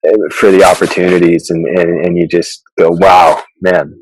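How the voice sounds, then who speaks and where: Low-voiced man telling stories haltingly. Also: little pitch movement, darkish tone, a little hiss or hum, poor audio. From Canada. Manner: halting, many restarts and fillers. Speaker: chiropractor guest. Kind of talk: casual interview storytelling.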